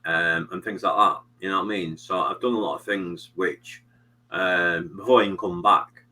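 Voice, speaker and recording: A man's voice: sits low, fairly even intonation, normal speed, sharp tone, low-quality recording. A British man hosting a live stream, chatting casually in a rambling way with many fillers. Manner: rambling, many fillers and "you know what I mean". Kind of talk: casual chat.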